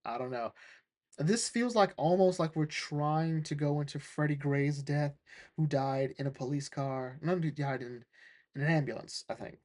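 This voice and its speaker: Animated man recapping comics, fairly high voice. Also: moderate pace. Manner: animated, laughs often, acts out characters' lines. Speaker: comic book reviewer.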